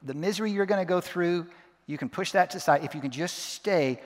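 A man giving a sermon as a pastor, earnest, repeating verses slowly word by word. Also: sits high. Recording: long reverb of a large hall.

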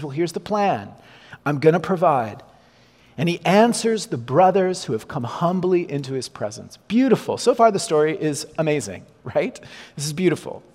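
A man preaching a sermon, animated, acting out the lines of the people, Moses and God as he goes. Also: fairly high pitch. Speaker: pastor. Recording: long hall reverb.

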